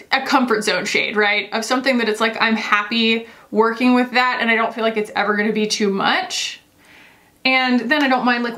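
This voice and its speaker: A beauty vlogger with a fairly bright voice on the high side applies makeup in a casual tutorial. She explains as she goes, chatting in a rambling way that's full of "like."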